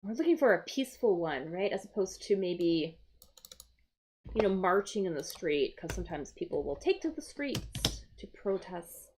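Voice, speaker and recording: A woman's voice: lowish voice, very animated, noisy background. A woman teaching English vocabulary on a live stream, thinking aloud as she works through crossword clues. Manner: slow, explaining, thinking aloud.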